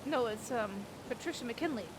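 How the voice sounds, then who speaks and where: A woman's voice: a little high, normal speed, noisy background. A woman streaming a western roleplay game, chatting casually, swearing freely and thanking viewers.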